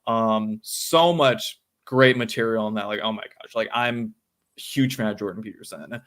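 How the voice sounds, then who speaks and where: A man in his late teens answering interview questions, pausing often with "um" and "like". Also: on the low side, fairly bright tone. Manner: hesitant, full of "um" and "like". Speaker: guest.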